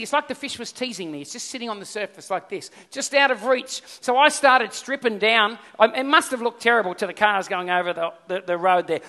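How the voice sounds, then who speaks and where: A middle-aged Australian man preaching a sermon, telling a story in an animated way and often repeating himself. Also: very high-pitched. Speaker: pastor.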